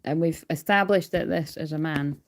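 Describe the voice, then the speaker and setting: A woman's voice: low-pitched, moderate pace, slight background noise. Woman, tarot card reader, casual livestream, chatty, swears, hyper, phone mic. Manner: chatty, swears freely, calls herself hyper.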